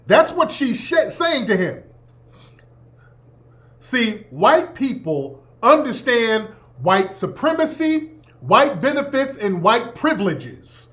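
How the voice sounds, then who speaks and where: A man's voice: very high voice, big pitch swings, takes it slowly, fairly bright tone. A man hosting his own show, giving emphatic, profane, preachy commentary in a casual way. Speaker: host.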